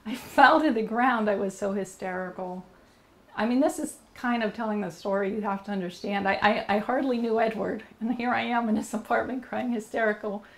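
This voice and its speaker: A woman as an interview guest, telling a personal story in an earnest, rambling way with many fillers and restarts, and growing animated when she quotes herself. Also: medium pitch, a little fast.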